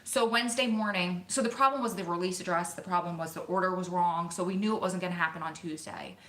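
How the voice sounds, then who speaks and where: A woman vlogger telling a story to her viewers in an excited, emotional, rushing way. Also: on the low side. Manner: excited, emotional, talks fast in bursts. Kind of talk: casual storytelling to camera. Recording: echoey room.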